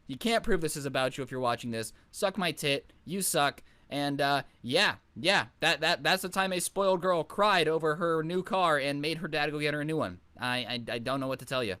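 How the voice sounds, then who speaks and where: A man's voice: on the high side, expressive, fairly quick, few pauses, a bit bright, clean tone, no room sound. A young man telling a story to the camera in a casual, sarcastic and exasperated way. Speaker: storytime YouTuber.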